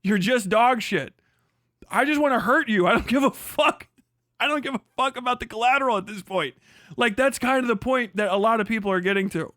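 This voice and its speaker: A man's voice: very high-pitched, fairly quick, bright, forceful tone, no echo, studio quality. A man hosting a live stream, ranting bluntly and heatedly with a lot of swearing. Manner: heavily profane, heated and blunt.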